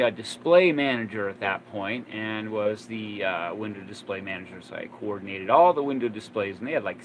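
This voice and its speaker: A man's voice: fairly low pitch, noisy background. A man in his fifties casually telling old stories, rambling with lots of fillers and restarts. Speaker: vlogger. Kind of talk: casual storytelling.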